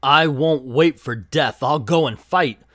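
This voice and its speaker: A man's voice: fairly high pitch, slow pace, fairly bright tone, dry recording, studio quality. A man reading the lines of a proud winged alien woman warrior in a defiant, challenging tone.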